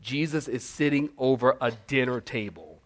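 A man's voice: mid-range voice, moderate pace. A male pastor preaching a sermon, telling stories with humor, laughing often and mimicking church members. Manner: animated storytelling, mimics church ladies.

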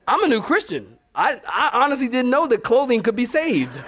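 A man's voice: very high-pitched, a little fast, hardly any pauses. A male pastor preaching a sermon, telling stories with humor, laughing often and mimicking church members. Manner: animated storytelling, mimics church ladies.

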